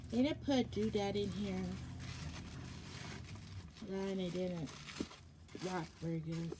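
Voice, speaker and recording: A woman's voice: medium pitch, noisy background. A young woman chatting casually through a product unboxing, rambling with lots of ums and self-corrections, sounding sleepy and yawning. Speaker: vlogger.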